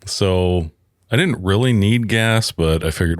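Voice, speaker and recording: A man co-hosting a podcast tells a travel story in a relaxed, wry way, dropping in asides as he goes. His voice is very deep, and the recording is close and dry, with no room sound. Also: takes it slowly, no echo. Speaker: podcast co-host. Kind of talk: casual storytelling chat.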